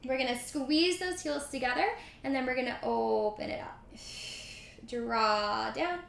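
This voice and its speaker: A woman's voice: sits high, measured pace, creaky, reverberant, a little hiss or hum. A woman teaching a mat pilates class, cueing moves, counting reps and adding chatty asides. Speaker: pilates instructor. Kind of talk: guided workout instruction.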